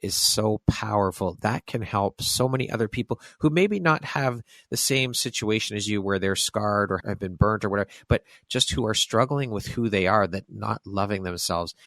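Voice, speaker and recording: A male podcast host with a very low, gravelly voice, recorded close and dry. He speaks in effusive, heartfelt praise, warmly affirming his guest. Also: dry recording. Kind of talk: interview conversation.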